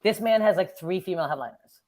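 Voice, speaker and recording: Fast-talking, foul-mouthed Canadian woman. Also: on the low side. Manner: profane, blunt, animated storytelling. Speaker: comedian guest. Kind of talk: casual podcast storytelling.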